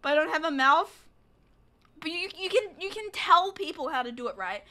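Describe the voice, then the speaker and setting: A woman's voice: high-pitched, expressive, moderate pace, pushed and bright. A woman from New Zealand streaming a story game, chatting and teasing her viewers playfully with giggles. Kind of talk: casual let's-play chat.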